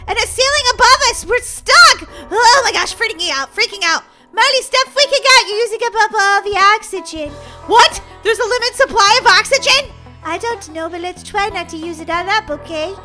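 A woman role-playing in a game, excitable and dramatic, giggling and crying out in playful panic. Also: extremely high pitch, normal speed, music in the background.

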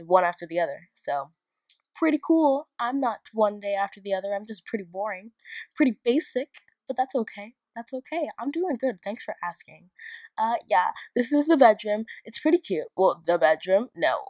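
A young woman talks through a game build in a casual, wandering way, poking fun at herself as she goes. Her voice sits at an ordinary middle pitch for a woman. It sounds close and dry, with no room around it. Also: darkish tone, no echo. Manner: rambling, chatty and self-mocking. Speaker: video game builder and YouTuber. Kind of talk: casual narrated build tour.

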